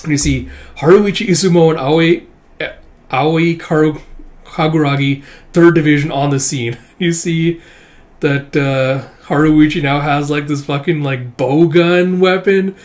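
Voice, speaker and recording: A man's voice: fairly high pitch, measured pace. A man hosting his own channel, talking casually through a comic chapter with lots of "uh" fillers and easy chuckles. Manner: relaxed, many "uh" fillers, chuckles often. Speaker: manga reaction channel host. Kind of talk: casual read-through commentary.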